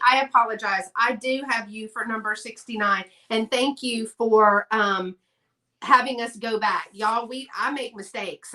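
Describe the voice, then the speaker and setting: A woman's voice: fairly high pitch, bright, forceful tone. A woman hosting a casual live-stream sale, chatty and gushing over her items.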